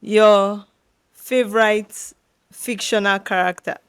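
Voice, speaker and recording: A woman's voice: medium pitch, fairly even intonation, takes it slowly, smooth, no room sound. A woman hosting a podcast interview, playful and teasing. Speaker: podcast host. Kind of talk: casual interview chat.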